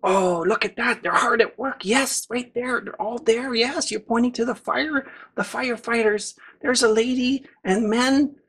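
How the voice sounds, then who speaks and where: A woman reading a picture book aloud to young children, gasping with excitement and talking straight to her listeners. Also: on the high side, unhurried, hardly any pauses, breathy edge. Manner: excited gasps, talks directly to the children. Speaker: children's storyteller.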